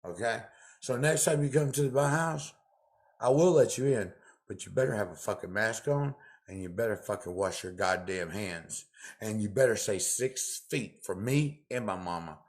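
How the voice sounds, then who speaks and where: A man ranting angrily to the camera in a profane, confrontational way, repeating himself with loud outbursts. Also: lowish voice, moderate pace.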